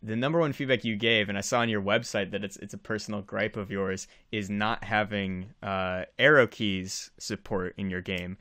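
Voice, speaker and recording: A man's voice: fairly low pitch, moderate pace, few pauses, no room sound, studio quality. Laughing, rambling man hosting a podcast. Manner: animated, laughs often, rambling questions. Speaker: podcast host and game developer. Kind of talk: casual podcast interview.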